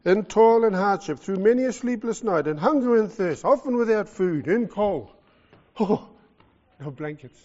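New Zealand male preacher, fairly high voice, lively and joking, dull muffled sound. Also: moderate pace, long reverb tail. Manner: animated, jokey, swings from loud to soft. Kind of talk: sermon. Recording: lo-fi muffled recording.

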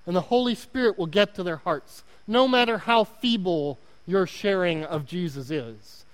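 This sermon comes from a guest pastor, a man from Oklahoma, United States, whose accent shows plainly. His high-pitched voice keeps a moderate pace as he speaks earnestly, mocks himself a bit, and repeats words for emphasis, all under the long hall reverb of a church.

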